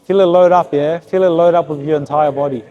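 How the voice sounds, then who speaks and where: A man works as a boxing coach in a gym. His voice sits high for a man, and he keeps firing brisk, repeated cues to his fighter. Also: fairly even intonation, highs cut off, faint music behind. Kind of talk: hands-on coaching session. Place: boxing gym with heavy bag.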